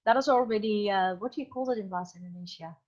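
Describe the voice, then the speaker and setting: A woman's voice: medium pitch, very fast, darkish tone, dull audio. Woman teacher explaining, with plenty of fillers. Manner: explains with many examples, thinks aloud with fillers. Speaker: English teacher. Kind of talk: online class lecture.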